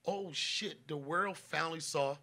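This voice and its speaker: A man's voice: fairly high pitch, a little slow, bright, forceful tone. A man hosting a live comedy podcast, talking casually and profanely, acting out quotes and interrupting himself. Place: live audience show.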